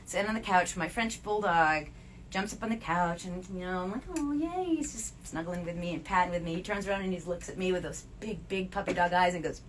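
A woman's voice: lowish voice, a little fast. Bubbly Southern woman chatting over knitting. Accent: Southern American. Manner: bubbly, animated storyteller with laughs. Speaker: podcast co-host, Spanish professor. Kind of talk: casual chat while knitting. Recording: faint background noise.

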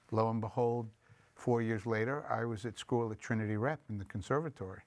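A man's voice: mid-range voice, fairly quick, creaky, no room sound. A man, a film director, telling stories in an interview in a reflective way and acting out quoted voices. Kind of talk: storytelling interview.

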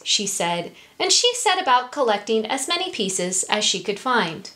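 A woman reading a picture book aloud to children, gentle, with hushed asides. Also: fairly high pitch, big pitch swings, normal speed. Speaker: storyteller for children.

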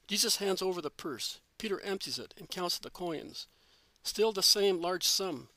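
Man reading devotional narration, bright tone. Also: sits high, animated, normal speed, no room sound. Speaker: reader.

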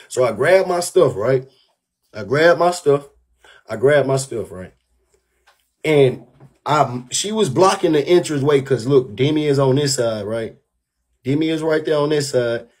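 A young man telling a heated, profane story on his livestream, animated and worked up. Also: medium pitch, husky. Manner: profane, animated, keeps saying "bro".

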